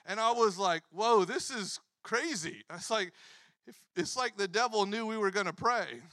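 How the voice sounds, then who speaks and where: A pastor in his thirties telling a story in a sermon, animated, acting out quotes and laughing often. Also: high voice, moderate pace, dry recording.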